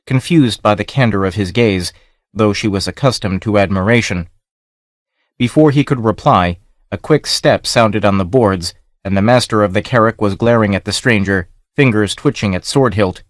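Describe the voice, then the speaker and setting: A male audiobook narrator with a lowish voice, reading in a steady, measured way. The sound is dry and close, with no room around it. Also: dry recording. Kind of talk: scripted narration.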